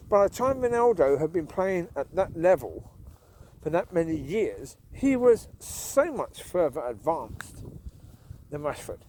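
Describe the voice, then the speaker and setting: Here a British vlogger walks and talks at night, pushing his opinions, restating them and frequently chuckling. The voice is a little high and very animated yet measured in pace, with a darkish tone and faint hiss or hum.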